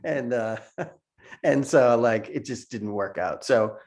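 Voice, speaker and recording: Over a video call, a middle-aged man who works as a cartoonist recounts stories in a relaxed interview. His voice is medium-pitched, slow, and a little mellow, and he frequently laughs and repeats himself.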